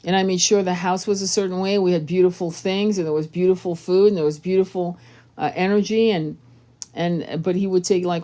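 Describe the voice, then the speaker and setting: A woman's voice: lowish voice, brisk, mellow. A woman tarot reader giving blunt, profane relationship advice in a casual monologue.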